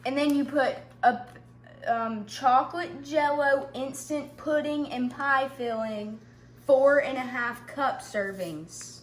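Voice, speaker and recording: Playful, slow-talking young woman cooking. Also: high voice. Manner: playful, jokey, slow-spoken. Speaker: cooking helper. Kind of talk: casual home cooking video. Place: home kitchen.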